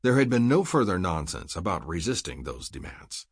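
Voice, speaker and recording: A man reading a science fiction novel aloud in measured, wry scripted narration. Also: low voice, very animated, slightly rough, no echo, clean studio sound. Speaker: audiobook narrator.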